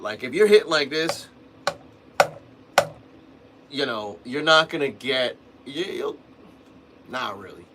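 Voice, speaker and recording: A man's voice: mid-range voice, bright, forceful tone, slight background noise. A man hosting a livestream, talking casually about drumming in a rambling way, restarting sentences and adding "man" and "you know". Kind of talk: casual livestream teaching talk.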